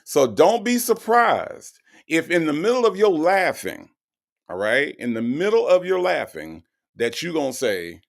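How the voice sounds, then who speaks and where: A man's voice: fairly high pitch, very animated, unhurried, creaky. A man hosting a live stream, reading out chat comments and teasing in a drawling, repetitive way. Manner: drawling, repeats himself, teasing. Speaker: host.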